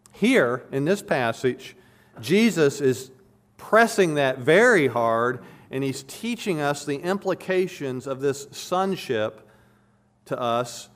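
Male preacher, mid-pitched, emphatic sermon delivery, repeats key phrases. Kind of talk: expository sermon.

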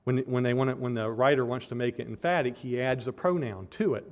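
A man's voice: mid-range voice, fairly quick. A man preaching an expository sermon, earnest and building to emphatic peaks as he explains a scripture passage verse by verse.

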